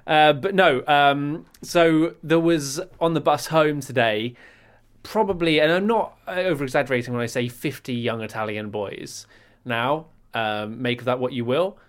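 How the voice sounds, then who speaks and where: English guy on a podcast, dry deadpan storytelling, casual chat. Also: mid-range voice, a little slow, clear, resonant tone. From England. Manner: wry, storytelling with deadpan asides. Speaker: podcast co-host.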